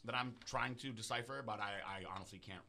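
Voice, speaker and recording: A man's voice: lowish voice, fast, gravelly, pushed and bright, a little hiss or hum. A man co-hosting a casual chat, playful and joking, often laughing as he tells a story. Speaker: co-host. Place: office studio.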